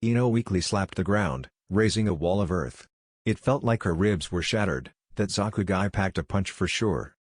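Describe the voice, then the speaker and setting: A man giving a scripted narration of a fan story in a plain, even reading voice. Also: low-pitched, normal speed, no echo, studio quality.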